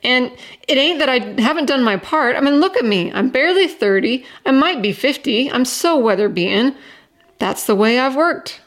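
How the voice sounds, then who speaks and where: A woman reading the part of a worn-out farm wife around thirty, blunt and rustic in her speech. Her voice sits a little high, and her replies come sharp and defensive. This is a storybook reading. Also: expressive, normal speed. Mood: sullen.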